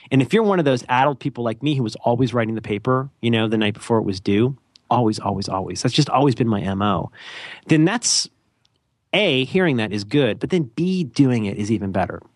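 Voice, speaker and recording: Male podcast co-host, chatty and rambling, jokey and self-mocking; animated delivery. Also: mid-range voice, fast, dry recording, studio quality. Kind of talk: casual podcast chat.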